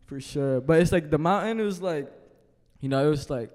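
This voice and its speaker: A young man from the Philippines with a slightly high voice, chatting loosely as a podcast guest. He rambles and leans on fillers, and a long hall reverb trails behind his words. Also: brisk, darkish tone. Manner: laid-back, loose and rambling, heavy on "you know" and "like". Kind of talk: casual interview chat.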